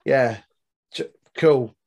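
A man's voice: mid-range voice, very slow, darkish tone. A man co-hosting a casual podcast, teasing and mocking his partner. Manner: teasing, banters and mocks. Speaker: podcast co-host. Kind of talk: casual chat.

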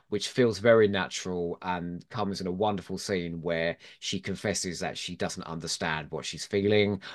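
A man in a casual podcast chat, arguing his picks with opinionated enthusiasm. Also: sits low. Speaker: podcast guest.

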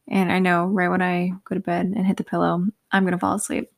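A woman's voice: lowish voice, completely flat delivery, fast talker, gravelly. A young woman in her twenties hosting a casual solo podcast, tired and yawning, rambling with many fillers. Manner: rambling, filler-heavy, lots of "like". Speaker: podcast host.

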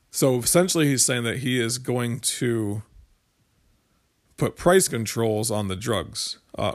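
A man talks straight to his viewers in a loose, unscripted commentary. He rambles and restarts his sentences, and he walks through plain everyday examples to explain his points. His voice sits at an ordinary middle pitch. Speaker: political commentator. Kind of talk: casual commentary monologue to viewers.

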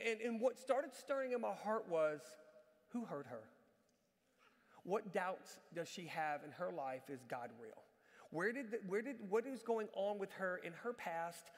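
High-voiced man preaching in a reverberant hall. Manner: animated, self-mocking storyteller; says he can be loud. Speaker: traveling church speaker. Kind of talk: sermon storytelling.

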